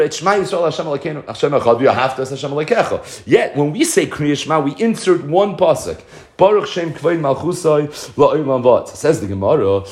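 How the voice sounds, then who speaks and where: A man teaches a Talmud lesson in a slightly high, very lively voice. He quotes phrases in Hebrew and Aramaic, then explains them in English. Along the way he keeps asking rhetorical questions. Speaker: Torah teacher.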